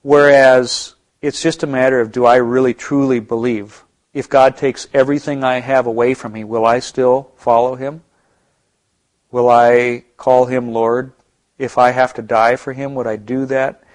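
A man's voice: medium pitch, level tone, measured pace. A man with an American accent in ministry, giving an earnest, reflective Bible talk with frequent restarts and asides. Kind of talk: conversational Bible teaching.

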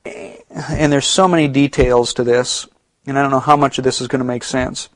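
A man giving a casual Bible study talk, explaining points patiently and slowing down to stress the key ones. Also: medium pitch, fairly even intonation, dry recording, rough recording. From United States.

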